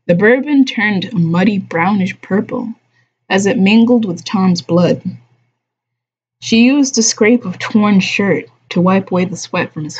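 Slow, husky woman reading aloud. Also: mid-range voice. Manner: slow, measured reading, softly voicing the dialogue. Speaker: streamer reading a novel aloud. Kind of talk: unhurried audiobook-style reading. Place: home streaming room. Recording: dull lo-fi stream audio.

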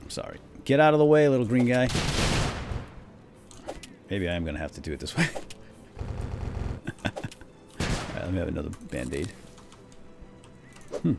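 A man hosting a let's play video, commenting on a boss fight with excited exclamations. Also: deep voice, measured pace, vocal fry, long pauses, music in the background. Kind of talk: gameplay commentary.

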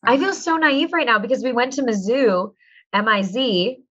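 Woman host, 30s, bubbly and playful, fairly high voice, dull lo-fi sound. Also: moderate pace, a bit bright. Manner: bubbly, playful, self-mocking. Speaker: podcast host. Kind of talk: casual chat.

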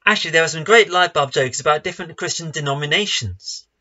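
A man's voice: a little high, fast, sharp tone, highs cut off. A man, a pastor giving an online sermon in a conversational, lightly joking way. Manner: conversational, self-deprecating humor.

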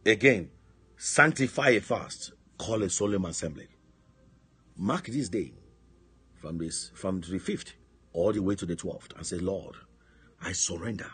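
A man's voice: sits low, animated, unhurried, pauses often, fairly bright tone, slightly rough. A man pastor preaching a sermon, emphatic, asking his listeners call-and-response questions. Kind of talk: sermon on a prayer line. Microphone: phone line.

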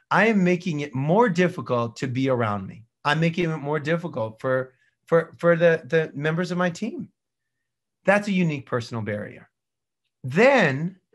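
A middle-aged male dentist giving a casual, animated lecture, swinging between loud bursts and quiet asides. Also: a little high. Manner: casual slang and mild swearing. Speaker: dentist teaching a practice management course. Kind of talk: recorded continuing-education lecture.

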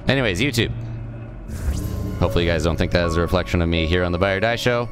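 A man's voice: deep voice, fast talker, long pauses, over music. A young man streaming a video game and ranting, profane and exasperated. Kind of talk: heated rant while live-streaming a game.

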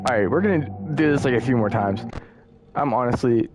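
A young man giving casual, excitable commentary while playing a horror game, muttering one moment and yelling the next. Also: medium pitch, unhurried, music in the background. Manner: excitable, swings from muttering to yelling at jump scares. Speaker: gaming streamer.

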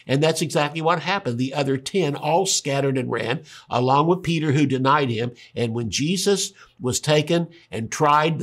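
An older man teaching a Bible study as a pastor, animated in his storytelling and acting out the dialogue he quotes. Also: mid-range voice, slightly rough.

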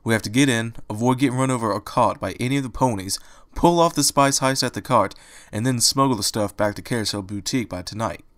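A man voicing a gruff, streetwise male rabbit in a fan audiobook reading, talking in an impatient, grumbling, sarcastic way. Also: medium pitch, fast, dry recording, studio quality, lightly acted.

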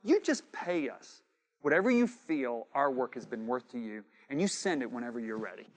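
A man preaching a sermon, telling a story with quoted dialogue and swinging from shouting to hushed asides. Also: mid-range voice, big pitch swings, normal speed.

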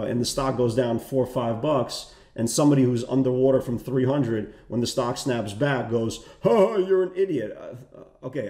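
A man's voice: medium pitch, a little mellow, roomy sound. A man hosting a trading channel, walking through market charts in a rambling way, often repeating words and asking "right?". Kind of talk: market analysis talk.

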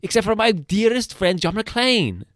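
A man's voice: high voice, sing-song, measured pace, a bit bright, dry recording, studio quality, pitched above the performer's own voice, heavily acted. A man doing an eager director in broken English.

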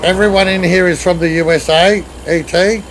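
Driving at the head of a truck convoy, an Australian streamer talks casually with friends and reads out chat messages, replying as he goes. He has a high-pitched voice with a steady tone and normal speed, and the rough recording carries a little hiss or hum.

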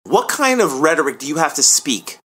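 A man co-hosting a podcast, talking politics in a casual, emphatic and animated way and swearing freely. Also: fairly high pitch, a little fast, slightly rough. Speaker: podcast co-host.

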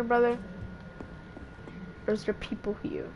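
A woman's voice: a little high, a little slow, a bit bright, a little hiss or hum. A woman playing a video game in casual chat, playful and chatty, full of questions and sound effects. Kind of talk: casual let's-play chat.

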